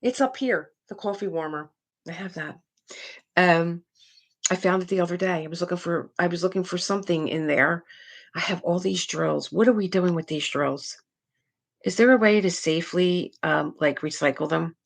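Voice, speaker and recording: A woman's voice: lowish voice, moderate pace, gravelly. Chatty woman hosting a craft livestream. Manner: rambling, chatty, trails off and restarts. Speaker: diamond painting livestream host. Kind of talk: casual chat with viewers.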